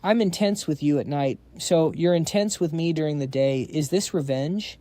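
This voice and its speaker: A man reads as a cocky, smug young rich guy who teases everyone. The voice is mellow and slightly high. It is recorded close and dry. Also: normal speed, no echo, close to an everyday voice. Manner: smug and teasing.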